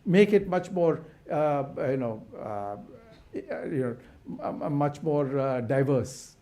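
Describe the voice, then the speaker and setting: A man's voice: fairly high pitch, animated, takes it slowly, warm tone. A man giving an impassioned symposium talk, asking rhetorical questions with frequent restarts. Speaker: conservation academic speaker.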